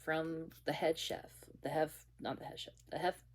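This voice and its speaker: Casting note: young woman with a low voice, casual storyteller, halting and rambly. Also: fairly even intonation, a little hiss or hum. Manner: rambling, halting, many restarts and fillers. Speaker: bakery worker telling a story.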